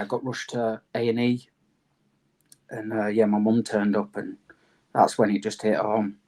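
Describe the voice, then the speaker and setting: A man tells things in a matter-of-fact way. His voice stays flat and even in pitch. He talks like a podcast guest answering questions. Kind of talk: interview answers.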